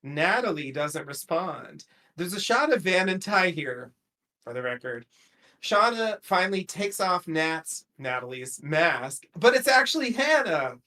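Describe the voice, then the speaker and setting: A man's voice: sits high, sing-song, a little slow, sharp tone. A man casually recapping a TV episode on a podcast, chatty and rambling, laughing often.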